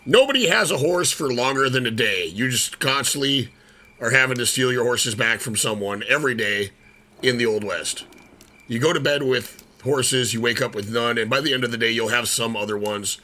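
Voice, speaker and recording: A man bantering on a podcast, quick with jokes and tangents. His voice is bright and forceful at an ordinary pitch. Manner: joking, riffing with quick asides. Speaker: podcast co-host. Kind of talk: casual profane banter.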